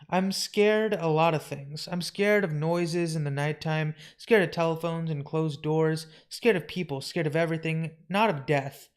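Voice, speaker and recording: A man's voice: fairly high pitch, close to an everyday voice. A man reading a comic book aloud live, voicing a sad, lonely shapeshifting woman who stammers and hesitates as she talks of wanting to die. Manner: halting, stammering, despairing.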